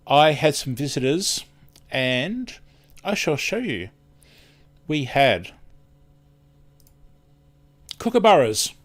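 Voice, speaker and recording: A man's voice: on the high side, sing-song, slow pace, long pauses. An Australian man hosting a live stream in casual chat, rambling and chatty, often losing his words and starting over.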